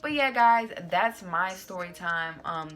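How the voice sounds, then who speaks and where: A woman's voice: medium pitch, expressive, a little slow, fairly bright tone, soft background music. A young adult woman hosting her own channel, telling a casual storytime in a sassy, slangy way with plenty of "like"s. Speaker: YouTuber host.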